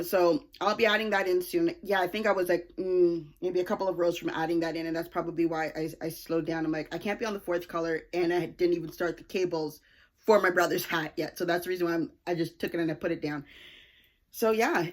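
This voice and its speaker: Chatty woman showing her knitting. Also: lowish voice. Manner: chatty, self-correcting, cheerful. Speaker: knitting podcast host. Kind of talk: casual chat showing knitting projects.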